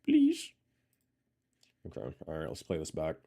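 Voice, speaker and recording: A man's voice: fairly low pitch, normal speed. Man testing his mic on a stream. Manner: frustrated, testing his mic with repeated phrases. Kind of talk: casual live-stream chat.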